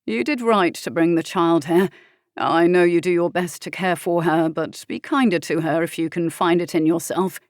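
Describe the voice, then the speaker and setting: A woman narrator voicing a kind, earnest young male doctor who speaks gently and firmly in an audiobook. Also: on the low side, moderate pace, dry recording, clean studio sound, lightly acted. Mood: gentle. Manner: gentle, firm and reassuring. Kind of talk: audiobook character voice.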